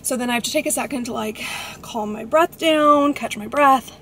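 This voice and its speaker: Young woman, casual vlog chat, slightly high voice, lots of "like", clear car road noise behind. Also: moderate pace, fairly bright tone. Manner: chatty, frequent "like", laughing at herself. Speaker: vlogger. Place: car while driving.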